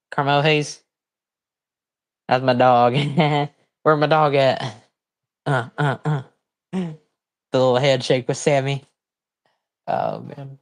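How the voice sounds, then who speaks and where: A man hosting a livestream, giving casual, rambling commentary on a wrestling broadcast and breaking into excited outbursts and confused reactions. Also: medium pitch. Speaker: livestream host.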